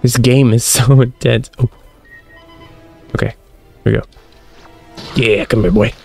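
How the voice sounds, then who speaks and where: A man's voice: mid-range voice, fairly even intonation, a little slow, vocal fry, a little mellow, soft background music. A young man commenting on a horror shooter as he plays, with jumpy, self-mocking reactions. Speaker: gaming streamer. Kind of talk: let's-play commentary.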